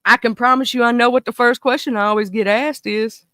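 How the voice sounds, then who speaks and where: Bright, goofy Mississippi-accented woman. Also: fairly high pitch, a little fast, no echo. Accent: Mississippi Southern US. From small town in northern Mississippi, USA. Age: 30s. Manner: goofy, animated, talkative, goes off on tangents. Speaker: livestream host. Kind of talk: casual livestream commentary chat.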